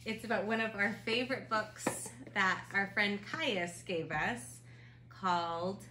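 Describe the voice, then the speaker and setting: A woman teacher reading a picture book aloud to young children from her home, in an animated sing-song way. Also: mid-range voice, takes it slowly, background noise. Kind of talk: children's story read-aloud.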